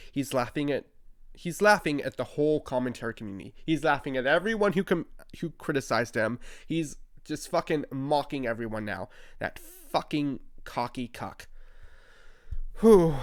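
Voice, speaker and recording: A man's voice: medium pitch, dry recording, studio quality. A young man in an angry, profane commentary rant, mocking and heated as he reads out posts and answers them. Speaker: commentary YouTuber.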